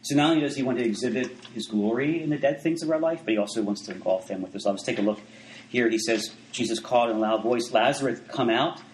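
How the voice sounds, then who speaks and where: A man's voice: medium pitch, fast talker, a little mellow, echoey room, slight background noise, rough recording. A man preaching a sermon in a conversational way, full of asides and restarts.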